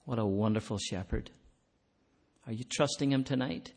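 A man with a medium-pitched, breathy-edged voice preaches an earnest evangelistic sermon at a moderate pace. He swells to emphatic peaks, then drops to soft, quiet appeals, and closes in prayer.

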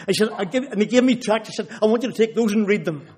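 A man's voice: high voice, expressive, fast, a little mellow, slightly rough. A man giving a sermon testimony, retelling conversations with rising intensity. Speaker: preacher.

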